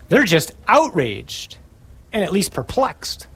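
A man preaching a sermon, reading scripture aloud slowly and with emphasis, his voice a little husky. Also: sits high. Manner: animated, quotes scripture in a slow emphatic voice.

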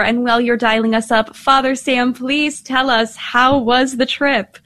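A woman's voice: on the high side, level tone, moderate pace, few pauses, fairly bright tone, dry recording. A woman hosting a live call-in radio talk show, chatty and upbeat, with frequent fillers. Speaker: radio host.

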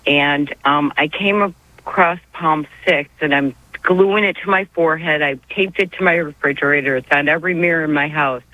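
A woman's voice: low voice, normal speed, no room sound. A woman calling in to a radio show, speaking in a heartfelt, tearful, rambling way. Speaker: caller. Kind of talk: call-in radio conversation. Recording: muffled dry phone line.

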